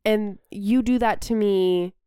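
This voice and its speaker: A woman's voice: medium pitch, slow, warm tone, clear, resonant tone, no echo, clean studio sound. A woman co-hosting a podcast in casual chat, rambling and laughing easily. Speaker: podcast co-host.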